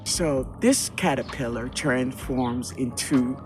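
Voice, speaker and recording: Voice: mid-range voice, takes it slowly, music in the background. A home gardener with a New Orleans accent, giving a casual, enthusiastic walk-through of their own backyard garden and often addressing viewers as "y'all.". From New Orleans, USA. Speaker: home gardener, channel host.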